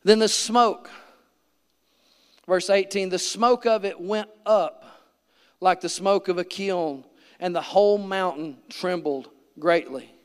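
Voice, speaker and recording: High-voiced man preaching in a big hall. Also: slow, smooth. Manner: earnest, vivid storytelling with reenacted pleas. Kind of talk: sermon. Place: church sanctuary.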